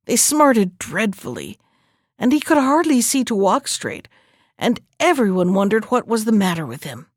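A woman reading a fairy tale aloud in steady storybook narration. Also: fairly high pitch, moderate pace, no echo. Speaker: reader.

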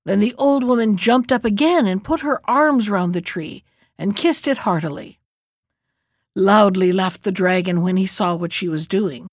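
A woman reading a fairy tale aloud as storyteller, calm and measured. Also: mid-range voice, no room sound, clean studio sound.

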